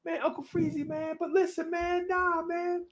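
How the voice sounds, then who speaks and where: A man imitating a laid-back young male rapper who drawls out evasive excuses with a soft, gritty mumble. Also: very high-pitched, flat delivery, moderate pace, crowd noise, pitched above the performer's own voice. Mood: mumbling excuses. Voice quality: soft gritty mumble, grit at line ends.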